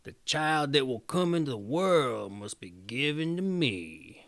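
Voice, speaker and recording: A man voicing a menacing, powerful old witch who speaks in low, half-whispered threats. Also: sing-song, measured pace, a bit bright, no echo.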